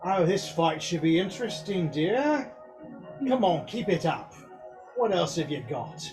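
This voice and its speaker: A man's voice: sits high, expressive, unhurried, music in the background. A man voicing a mocking female villain spirit who taunts and cackles. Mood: taunting. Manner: taunting, sing-song, cackling.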